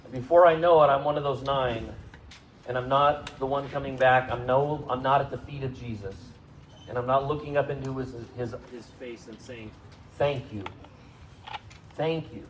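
A man preaching a sermon to a congregation, speaking conversationally, asking them questions and rising in pitch and volume for emphasis. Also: steady tone, moderate pace, rough recording. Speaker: pastor. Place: church service.

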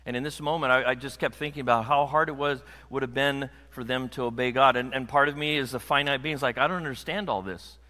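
A middle-aged American man preaching a lively sermon as pastor, building to loud emphatic peaks and joking with the congregation. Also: medium pitch, fast talker, few pauses, big-room sound. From United States.

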